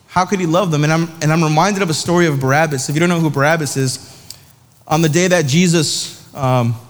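A man's voice: a little high, big-room sound. Young man preaching to students, casual and slangy. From South Dakota. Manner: casual storytelling with slang, acting out voices in anecdotes. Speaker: youth pastor. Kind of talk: sermon.

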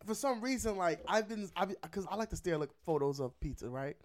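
Male co-host, slightly high voice, rambling casual talk. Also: lively intonation. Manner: rambling, halting with fillers and restarts. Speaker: podcast co-host. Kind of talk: casual chat.

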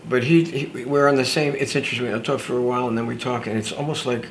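A man's voice: mid-range voice, fairly even intonation, quick pace, slight background noise, poor audio. A man hosting a podcast, chatting casually in a rambling way with many restarts, retelling encounters with strangers. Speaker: podcast host. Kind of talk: casual chat.

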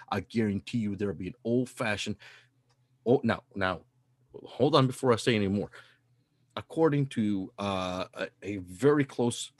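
A man's voice: on the low side, breathy edge, no echo. A man in his thirties hosting a casual podcast, ranting with heavy profanity and mounting fire. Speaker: podcast host.

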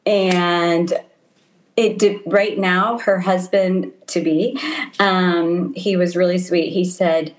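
A middle-aged woman missionary talking casually as an interview guest, laughing often and filling pauses with ums. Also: lowish voice, steady tone, low-quality recording. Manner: warm, laughs often, many ums and restarts. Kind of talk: casual conversation. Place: home in Italy, over a call.

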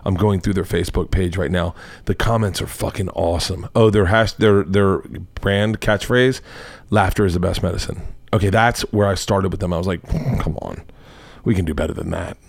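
A man's voice: sits low, steady tone, normal speed, dry recording. A man hosting a comedy podcast, rambling and swearing as he riffs on videos he watches. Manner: profane, rambling, laughing. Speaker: podcast host. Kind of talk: casual comedic commentary.

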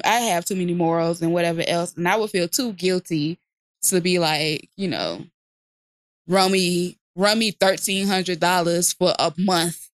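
A woman's voice: lowish voice, no echo, clean studio sound. A woman co-hosting a casual podcast, talking bluntly and profanely and laughing often. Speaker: podcast co-host.

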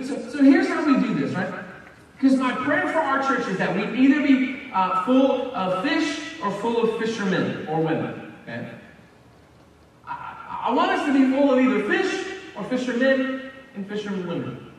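A man preaching a sermon as pastor, telling the story in a conversational, animated way with asides to his congregation. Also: sits high, moderate pace, slight background noise. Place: church sanctuary. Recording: echoey hall, mic from far off.

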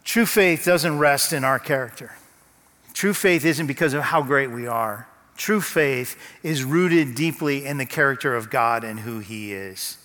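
A man preaching a sermon as pastor, telling a story with slow, dramatic pauses. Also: mid-range voice, pushed and bright. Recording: long hall reverb.

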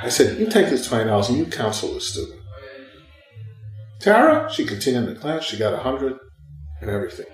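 Animated older man telling a story. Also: medium pitch, fairly quick, long pauses, roomy sound, soft background music, rough recording. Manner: animated, acts out both sides of dialogue. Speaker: retired professor and guest. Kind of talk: storytelling interview.

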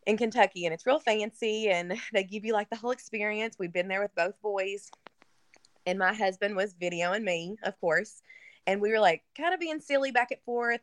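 A woman's voice: mid-range voice, moderate pace, no room sound. Woman, emotional personal story, casual and earnest, lots of fillers, dry close sound. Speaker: interview guest. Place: lives in Kentucky.

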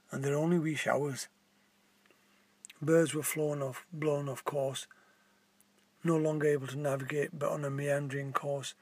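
Husky-voiced man reading a story. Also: a little high. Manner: plain, halting reading with small restarts.

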